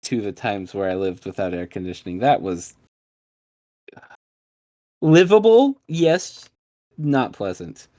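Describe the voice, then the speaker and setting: A man co-hosting a casual chat, cracking wry deadpan jokes and sarcastic asides. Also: lowish voice, slow pace, long pauses, dry recording. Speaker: podcast co-host.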